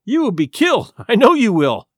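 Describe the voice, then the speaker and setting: A man's voice: high-pitched, wildly swooping pitch, normal speed, no echo, studio quality, pitched above the performer's own voice. Man doing a raised-up voice, young female moth, timid and tender, earnest, pleading, storybook.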